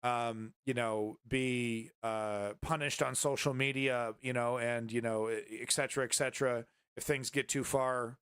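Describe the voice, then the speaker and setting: Smooth-voiced man, rambling indignant commentary. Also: mid-range voice, steady tone, a little slow, few pauses, a bit bright, no echo. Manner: rambling, many fillers, indignant. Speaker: host. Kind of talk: political commentary livestream.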